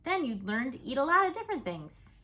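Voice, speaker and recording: A woman's voice: sits high, big pitch swings, fast talker, bright, forceful tone, voice pushed up, full character voice. A woman voicing a proud, bumbling father in a storybook reading, hearty and coaxing.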